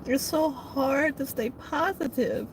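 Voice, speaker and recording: A woman's voice: high-pitched, slow. Tearful woman vlogger over background noise. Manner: tearful, thanking viewers by name. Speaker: trucker and vlogger. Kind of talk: emotional live-stream chat. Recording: noisy background.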